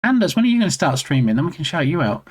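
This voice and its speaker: A man's voice: on the high side, very animated, very fast, slightly rough. A man hosting a game development live stream, chatting casually with his audience in a playful way and laughing often. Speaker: game dev livestream host.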